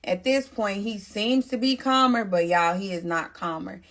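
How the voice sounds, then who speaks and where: A woman's voice: medium pitch, fairly even intonation, moderate pace, a bit bright. Woman, pregnant, storytime vlog, emphatic, talks to viewers, repeats for emphasis. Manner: emphatic, repeats phrases for stress.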